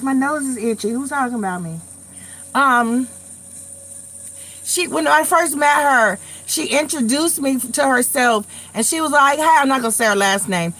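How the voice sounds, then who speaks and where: Host, woman, middle-aged, from New York: higher, bright, chatty, blunt, swears freely. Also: slight background noise. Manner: chatty storyteller, blunt and profane, repeats herself. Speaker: tarot reader and live-stream host. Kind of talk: casual live-stream chat.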